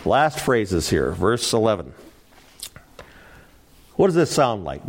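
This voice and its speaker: Male Bible study teacher, animated delivery, engages the class with questions. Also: fairly low pitch, slow, long pauses. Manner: animated, asks the class questions, laughs lightly. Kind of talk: interactive Bible class lecture.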